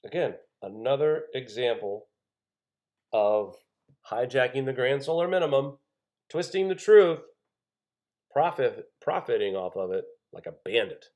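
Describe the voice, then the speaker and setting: A man's voice: medium pitch, animated, measured pace, long pauses, darkish tone. A man hosting his own channel, reading weather news aloud and commenting on it in an indignant, conversational way, often calling his viewers folks. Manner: reads news items aloud then comments. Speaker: channel host.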